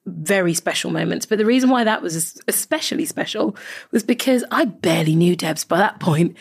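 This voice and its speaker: A woman's voice: fairly low pitch, animated, a little fast, gravelly, slightly rough. A woman recording a casual message, reflective and chatty, breaking into laughs as she talks. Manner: warm reflective chat, often laughing. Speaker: guest.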